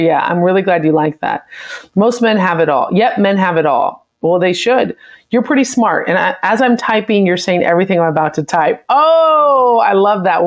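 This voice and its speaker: An American woman hosting a live stream, reading viewer comments aloud and reacting to them in a chatty, opinionated way. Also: mid-range voice. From United States. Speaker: livestream host.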